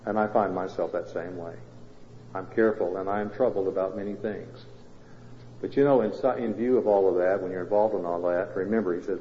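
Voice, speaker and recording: A male pastor preaching a sermon, moving between loud emphatic lines and quiet intimate ones and asking the congregation questions. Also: fairly low pitch, a little hiss or hum. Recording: roomy hall reverb, dull lo-fi sound.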